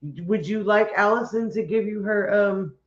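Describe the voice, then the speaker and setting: A man's voice: high-pitched, measured pace. A man chatting casually as a co-host, joking and laughing easily. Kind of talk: casual chat. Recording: roomy, slightly dull recording.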